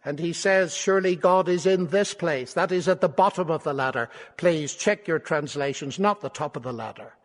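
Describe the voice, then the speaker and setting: A man's voice: fairly high pitch, moderate pace, hardly any pauses. An older man preaching a sermon, earnest and rhetorical, often asking his listeners questions and swelling to emphasis. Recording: long hall reverb.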